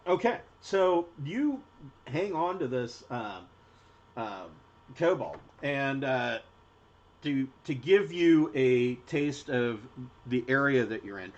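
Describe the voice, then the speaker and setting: Lively man running a tabletop game, halting delivery, lo-fi recording. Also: mid-range voice. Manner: hesitant, many fillers and restarts. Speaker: game master. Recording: dull lo-fi audio.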